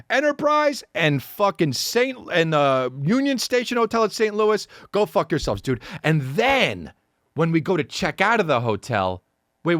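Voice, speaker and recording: A man in his forties, a podcast host telling a comedic story as a profane, animated rant full of acted-out voices. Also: high-pitched, gravelly, no room sound, studio quality.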